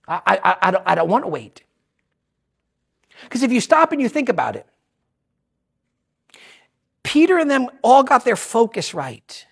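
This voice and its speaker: A woman pastor preaching a sermon in an animated way, swinging between loud bursts and hushed asides. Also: on the high side, normal speed, creaky, pauses often, breathy edge.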